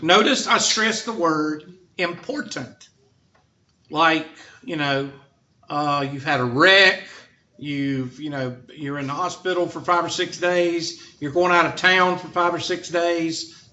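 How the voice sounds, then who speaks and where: A man's voice: fairly high pitch, measured pace, pushed and bright. A man teaching a math class, joking and sarcastic as he lectures. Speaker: math instructor. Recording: dull lo-fi classroom recording with faint noise.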